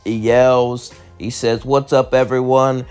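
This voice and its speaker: A man's voice: medium pitch, level tone, slow, darkish tone, clean tone, soft background music, natural voice. A man voicing a grumpy male bartender in a cartoon fan story, grumbling and dismissive.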